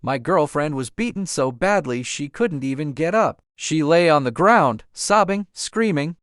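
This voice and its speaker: A man's voice: fairly high pitch, expressive, measured pace, a bit bright, clean tone, dry recording, clean studio sound. A man narrating a dramatic first-person story in a vivid, dramatic telling.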